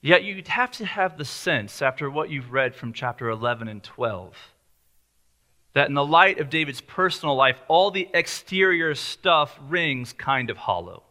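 A man's voice: on the high side, expressive, unhurried, pushed and bright. A male pastor preaching an earnest, emphatic sermon full of rhetorical questions.

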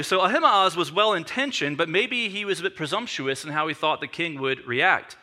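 Bright-voiced pastor telling a story. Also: male voice, high voice, a little fast, hardly any pauses. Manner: animated storytelling, acting out the scene. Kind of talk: sermon.

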